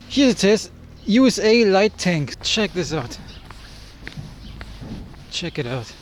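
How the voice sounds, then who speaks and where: Young male travel vlogger, high voice, casual joking narration on an action cam, faint street noise. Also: very animated, slow pace. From Germany. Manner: joking, chatty, exclaims at sights. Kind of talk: casual walking vlog narration. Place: outdoors in a city park. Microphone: action camera mic.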